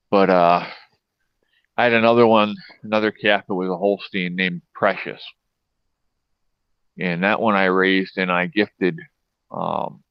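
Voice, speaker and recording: A man's voice: sits low, no room sound. A middle-aged man from Pennsylvania hosting a casual chat, telling long profane farm stories. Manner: rambling, profane, anecdotal. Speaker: host. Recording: dull lo-fi sound, dry.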